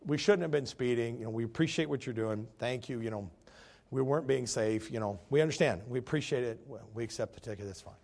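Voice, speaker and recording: A man voicing an apologetic driver caught speeding, quiet, humble and polite. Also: medium pitch, fast, creaky, voice pushed down.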